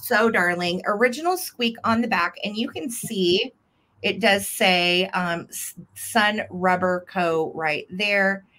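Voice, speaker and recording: A woman's voice: mid-range voice, animated, slow, bright, forceful tone, a little hiss or hum. A woman hosting a live vintage sale, chatty and gushing as she describes each item. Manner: chatty and gushing, fond little words. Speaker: host selling vintage items live.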